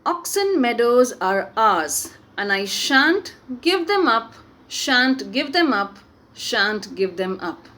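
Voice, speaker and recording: A woman's voice: fairly high pitch, big pitch swings, slow, pushed and bright, exaggerated voice. A woman teacher reading the lines of a stubborn young woman who insists and repeats herself. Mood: insistent.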